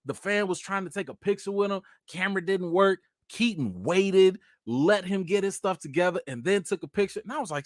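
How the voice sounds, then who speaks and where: A man hosting a casual live chat, telling stories in an animated way and talking to his viewers as "y'all". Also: high voice, fairly quick, hardly any pauses, no room sound, clean studio sound. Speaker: channel host.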